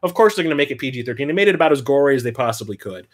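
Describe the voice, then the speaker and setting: A man hosting a casual livestream, telling stories in an animated way and swearing freely. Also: mid-range voice. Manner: animated storyteller, swears freely, quick bursts of excitement. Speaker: livestream host.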